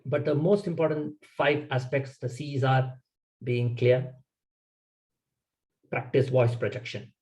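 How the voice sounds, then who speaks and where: A man's voice: medium pitch, fairly even intonation, slow pace, long pauses, darkish tone, poor audio. A man leads a public speaking workshop, talking in a mid-range voice. He coaches in short, emphatic instructions and leans on key words. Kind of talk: workshop lecture.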